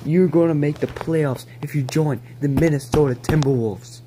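A man ranting excitedly to camera at home, pleading and rambling as he begs and repeats himself. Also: a little high, normal speed, slight background noise. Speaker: vlogger. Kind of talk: excited fan rant to camera. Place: at home, near a balcony.

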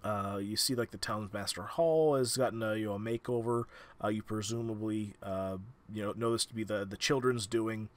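A man narrating as game master of a tabletop game, halting, with many restarts and fillers. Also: lowish voice.

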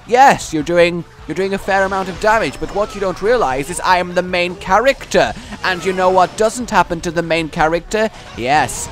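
A man's voice: fairly high pitch, moderate pace, faint music behind. A young man commenting on his own gameplay in a playful way, mocking and taunting the characters on screen with grand heroic lines. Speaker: gaming YouTuber.

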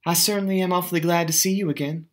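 A man voicing a nervous young woman in a book reading, with a clear, forced matter-of-fact delivery. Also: sits high, steady tone, racing, pitched above the performer's own voice, natural voice. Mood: strained politeness.

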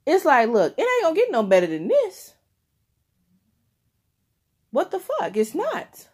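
Brief: young woman tarot reader, slow, loose delivery, frequent laughs, heavy swearing, speaks directly to the viewer. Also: high voice, wildly swooping pitch, a little mellow. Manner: profane, laughing often, speaking straight to the listener. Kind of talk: casual tarot reading to viewers.

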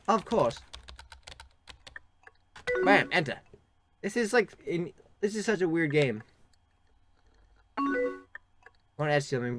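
Over slight background noise and the clatter of keyboard typing and clicks, a young man hosting a gaming channel reads chat messages out loud. His medium-pitched voice carries a joking, sarcastic tone with crude asides as he plays.

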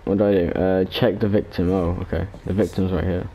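A man's voice: deep voice, steady tone, fairly quick, gravelly, dark tone. A man commenting on his gameplay in a casual, rambling, joking way at a desk microphone. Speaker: gamer. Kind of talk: casual let's play commentary.

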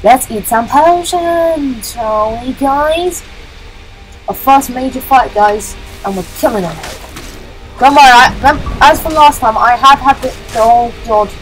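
A woman hosting a gaming channel, giving jokey, excitable let's-play commentary, yelling and chanting at the game as she plays. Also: sits high, measured pace, faint music behind, low-quality recording. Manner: jokey, self-mocking.

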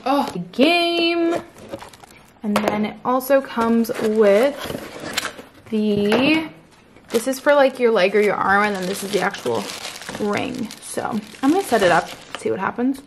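A woman's voice: medium pitch, a little slow, background noise. A young woman in her twenties talking casually to the camera at home as a vlogger, upbeat and chatty with lots of "like". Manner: chatty, upbeat, filler-heavy. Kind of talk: casual vlog chat.

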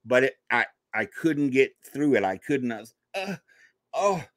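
Bright-voiced man telling a personal story. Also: mid-range voice, normal speed, dry recording. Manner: animated storyteller who acts out quoted voices. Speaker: podcast guest, paranormal investigator.

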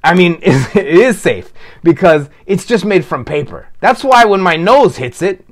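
A bubbly childlike puppet, as a man puts on a raised, squeaky voice, chattering eagerly to the young audience of a homemade puppet show. The voice bounces up high and stays sing-song. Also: big pitch swings, measured pace, exaggerated voice. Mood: wistful. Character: excitable childlike puppet named Curtains.

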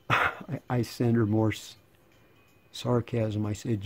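A man in his sixties, rambling and sarcastic in a casual monologue, slightly hoarse. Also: on the low side, little pitch movement, slow pace, long pauses, soft background music. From United States. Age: 60s. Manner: sarcastic, rambling, laughing between lines. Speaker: channel host.

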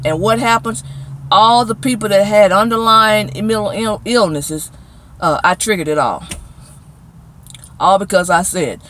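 Middle-aged woman, channel host, emphatic and scolding, mid pitch, talking straight to viewers. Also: expressive, normal speed, fairly bright tone, low-quality recording. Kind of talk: casual spoken commentary.

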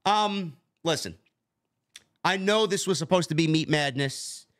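A man with a Bronx accent co-hosting a casual wrestling review, talking in an animated, profane and sarcastic way. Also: a little high, unhurried. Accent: New York (Bronx). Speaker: podcast co-host.

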